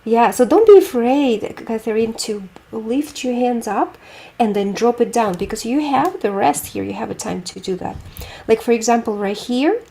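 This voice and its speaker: A woman's voice: a little high, lively intonation, moderate pace, vocal fry, warm tone. A woman teaching a group piano lesson, explaining technique with images and asking students questions.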